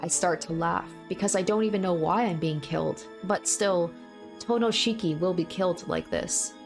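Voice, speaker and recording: A woman with a fairly low, natural voice reads at a moderate pace over soft background music. She voices a young man's first-person narration from a visual novel, a grim, repetitive inner monologue in which he recounts his own bloody fight.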